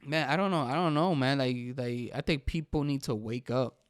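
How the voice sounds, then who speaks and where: Young male podcast host, smooth clear voice, emphatic casual talk. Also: medium pitch, moderate pace, no echo. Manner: animated, emphatic, says "bro" often. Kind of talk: casual solo podcast commentary.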